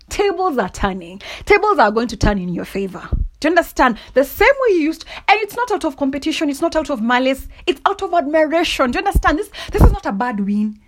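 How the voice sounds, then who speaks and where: A young adult woman hosting a solo podcast, giving emphatic, motivational talk and often laughing. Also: on the high side. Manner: animated and emphatic, often asks "do you understand?", laughs often. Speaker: podcast host.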